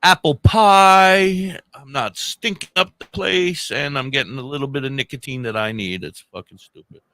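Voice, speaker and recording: A man chatting casually on a podcast, swearing freely and acting out quotes in an animated way. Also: mid-range voice, brisk. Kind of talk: casual profane chat.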